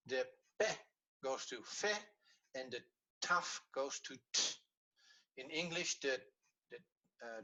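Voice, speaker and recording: A man's voice: medium pitch, takes it slowly, pushed and bright. A man with a Dutch accent teaching Hebrew grammar in an online class, patiently repeating rules and fumbling with the video playback.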